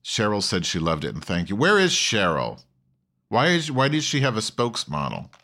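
A male host talks loosely to his online audience, swearing freely and veering between topics. His voice sits very low, and he restarts his sentences often in a campy, offhand manner. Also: wildly swooping pitch, normal speed, pushed and bright. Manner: profane, campy, rambling with many restarts. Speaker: host of an online call-in show. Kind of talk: casual rambling monologue.

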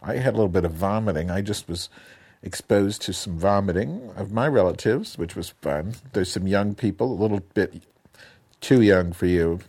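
A man with a lowish voice tells a meandering story and keeps dropping profanity along the way. He sounds casual and self-deprecating, like he's chatting with a friend on a podcast. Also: moderate pace, darkish tone, slightly rough. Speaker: podcast co-host. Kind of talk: crude casual chat.

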